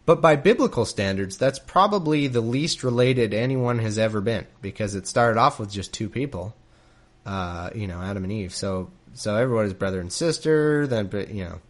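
A man's voice: lowish voice, lively intonation, normal speed. A man reading scripture aloud and breaking off for wry, joking asides. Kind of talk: Bible reading with comedic commentary.

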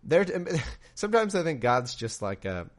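A man's voice: a little high, very animated, moderate pace. A young man reading scripture aloud and breaking off into sarcastic, incredulous, rambling commentary.

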